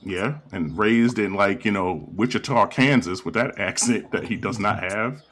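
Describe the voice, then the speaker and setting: A man in his thirties telling stories in a casual chat with friends, animated and quick to laugh and swear. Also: fairly low pitch. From Haitian family. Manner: animated storytelling, laughs often, swears freely.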